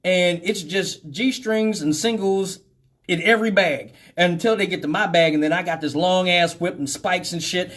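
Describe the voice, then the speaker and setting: A man's voice: high-pitched, normal speed. A middle-aged man hosting a radio talk show, telling a comic story with plenty of swearing and laughter. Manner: animated, profane, laughing often.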